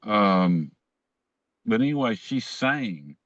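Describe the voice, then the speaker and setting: Man guest, lowish voice, meandering and self-amused; dry, dull-ish recording. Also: lively intonation, takes it slowly, fairly bright tone, no echo. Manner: rambling, self-amused anecdotes with restarts. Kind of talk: casual storytelling.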